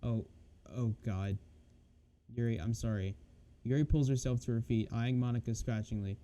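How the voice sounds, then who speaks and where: A man streaming a visual novel mod, reading its text aloud in a flat undertone and breaking off to comment on it. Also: mid-range voice, normal speed.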